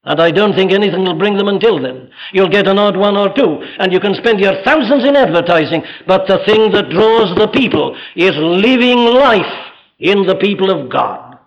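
A man's voice: sits high, expressive, moderate pace, lo-fi sound. A man preaching a fervent sermon from a pulpit, rising often into strong exhortation. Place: church pulpit.

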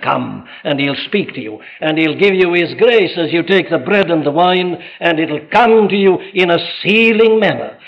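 High-voiced earnest preacher, lo-fi sermon tape. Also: male voice. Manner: earnest, emphatic preaching with rhetorical questions and sudden rises in force. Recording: dull lo-fi sermon recording.

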